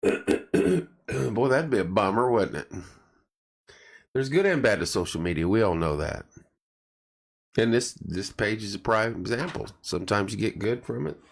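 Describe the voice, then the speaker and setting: A middle-aged man with a very low, deep voice chats casually on a live stream. His voice is going, and he rambles, restarts sentences and stops to greet viewers by name. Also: animated, measured pace, gravelly, long pauses, breathy edge. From central Indiana. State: losing his voice.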